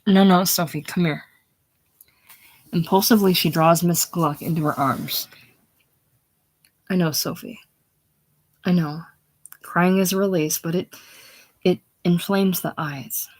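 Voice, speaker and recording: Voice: mid-range voice, steady tone, measured pace, long pauses, poor audio. A reader voicing Dorothea, an emotional, determined grown woman, in a casual play reading. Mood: soothing.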